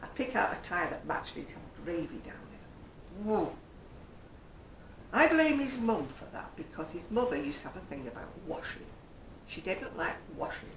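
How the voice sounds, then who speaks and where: An older woman chatting in a vlog, telling stories and chuckling often. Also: fairly low pitch. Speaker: crochet vlogger. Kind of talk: casual chat. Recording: echoey room with faint hum.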